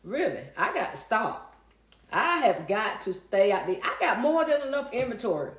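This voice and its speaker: With a slightly high voice and big swings in pitch, a woman runs a relaxed livestream at normal speed. She talks with viewers in a folksy manner and reads their comments, her audio echoing in the room.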